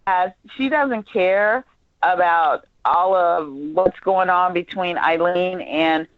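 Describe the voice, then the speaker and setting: A director giving casual rehearsal notes to actors, animated and repeating lines to show how they should sound. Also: mid-range voice, slow pace, no echo. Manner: animated, acts out lines mid-explanation. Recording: dull, dry lo-fi audio.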